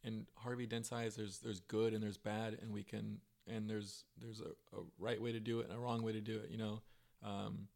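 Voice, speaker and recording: Podcast co-host, male, gravelly and monotone, earnest rambler. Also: fairly low pitch, normal speed. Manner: earnest, rambling with many fillers. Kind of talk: casual chat.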